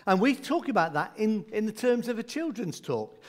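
Chatty preacher with a light, raised voice. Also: male voice, high voice, very animated, moderate pace, few pauses. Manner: conversational and humorous, with asides. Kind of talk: sermon.

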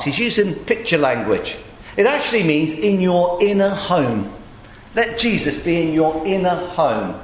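A man preaching a sermon in a conversational storytelling way, his voice a little groggy and hoarse. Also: high-pitched, sing-song, measured pace, reverberant, a little hiss or hum.

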